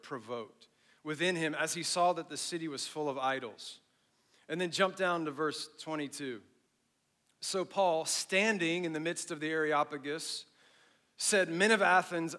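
Bright-voiced pastor preaching with animated emphasis. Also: male voice, a little high. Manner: animated preaching, rising in emphasis and dropping to a hush at phrase ends; conversational asides to the congregation. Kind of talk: sermon.

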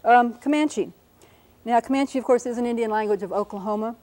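A woman linguist giving a talk explains phonetic symbols in a mellow, relaxed, fairly high-pitched voice. She speaks carefully, slowing down to demonstrate each pronunciation syllable by syllable. The recording is rough.

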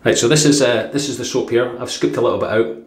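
A man's voice: mid-range voice, steady tone, fast. A Scottish man from Dundee chatting casually through a product review, rambling with fillers and chuckles. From Dundee, Scotland. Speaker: shaving vlogger. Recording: echoey room.

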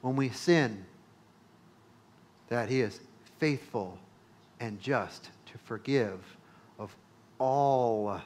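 A male pastor preaching a sermon, emphatic, repeating phrases and building to loud peaks. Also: medium pitch, extremely slow, pauses often.

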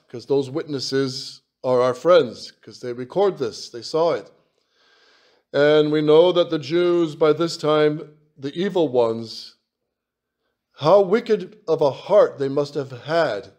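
A man preaching a sermon as a priest, slow and emphatic, repeating phrases for weight. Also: on the high side, darkish tone.

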